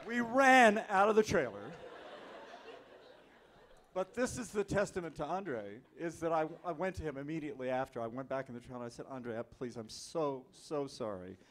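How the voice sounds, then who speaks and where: A man telling a lively anecdote as an actor on a convention panel, speaking into a handheld mic. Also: a little high, brisk. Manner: lively, animated storyteller. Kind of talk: storytelling anecdote. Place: convention hall.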